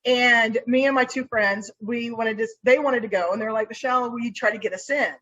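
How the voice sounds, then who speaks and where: A woman's voice: fairly high pitch, brisk, rough recording. A woman private investigator telling a story in a casual interview, acting out what she said to people along the way. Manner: animated storyteller acting out her own lines.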